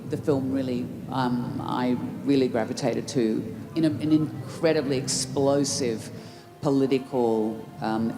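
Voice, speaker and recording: A woman answering audience questions at a festival Q&A, reflective, often restarting mid-thought. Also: very deep voice. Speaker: festival Q&A guest. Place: large festival tent. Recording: roomy festival tent with background noise.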